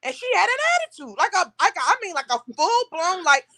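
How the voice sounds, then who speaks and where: A young woman hosting a casual chat, telling stories with animated, acted-out quotes. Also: very high voice, brisk, no echo. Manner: animated storytelling, acting out quotes. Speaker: podcast host.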